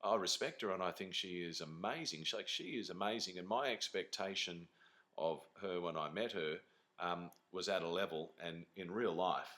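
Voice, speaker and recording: A man's voice: low-pitched, normal speed, a bit bright. An Australian man co-hosting a casual vlog chat, rambling and hesitant with frequent fillers and jokes. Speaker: co-host.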